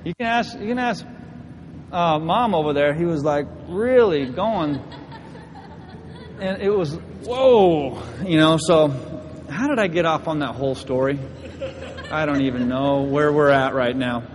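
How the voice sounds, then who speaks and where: High-voiced young pastor telling a funny story. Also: male voice, a little slow, pauses often, big-room sound. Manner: animated, laughing storyteller. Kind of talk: storytelling sermon. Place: church hall.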